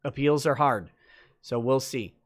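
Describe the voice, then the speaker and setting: A man's voice: medium pitch, unhurried. A man hosting a late-night livestream, chatting loosely through viewer comments with lots of fillers and restarts.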